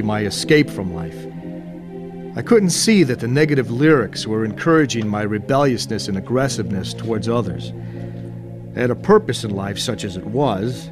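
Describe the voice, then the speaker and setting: A grown man narrating his past in a somber, reflective way. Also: medium pitch. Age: adult. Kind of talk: scripted narration.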